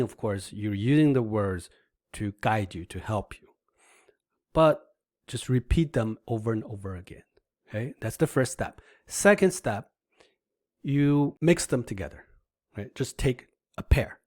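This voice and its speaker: A man teaching a language lesson over slides, patiently explaining step by step and demonstrating sounds out loud. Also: mid-range voice, no room sound, studio quality.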